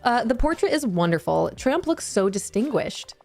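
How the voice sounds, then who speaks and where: A gentle, refined female dog from a cozy game speaks in a soft, higher-pitched storytelling voice, as a woman reads her lines. Light music plays faintly underneath. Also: sing-song, moderate pace, gravelly. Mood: fond.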